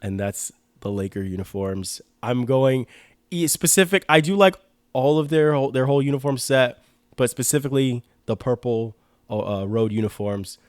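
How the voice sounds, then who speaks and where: A man's voice: mid-range voice, moderate pace, a little mellow, dry recording, clean studio sound. A young man co-hosting a sports podcast in casual chat, laid-back, laughing often and repeating words. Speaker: podcast co-host.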